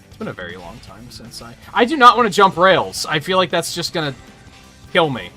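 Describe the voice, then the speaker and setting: Bright-voiced young man ranting on stream. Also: a little high, wildly swooping pitch, brisk. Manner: opinionated, ranting, swears freely. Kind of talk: casual gaming commentary. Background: game music.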